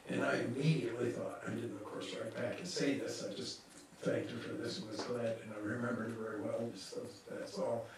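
A man leading a seminar, telling a case story in a lively way, acting out the people he quotes, with hesitations and restarts. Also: mid-range voice, brisk, few pauses. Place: lecture hall. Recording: echoey hall from far off, faint noise.

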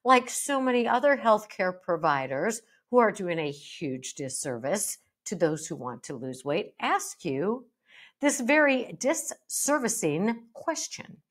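A middle-aged woman hosting a solo podcast, speaking emphatically with a playful, animated delivery. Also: medium pitch, a little slow. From United States. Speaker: podcast host and bariatric psychologist.

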